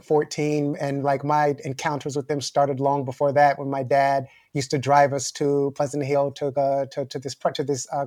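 A man in his forties, a guest author in a casual interview, talking with many fillers and restarts and growing animated as he makes his points. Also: a little high, no echo, clean studio sound. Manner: fluent but filler-heavy, frequent "like" and restarts; grows animated and intense when making a point.

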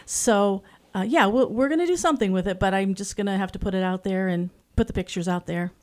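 A woman's voice: mid-range voice, fast, darkish tone. A woman who directs a youth theater program, chatting in an interview in a rambling way with many fillers. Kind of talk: casual interview chat.

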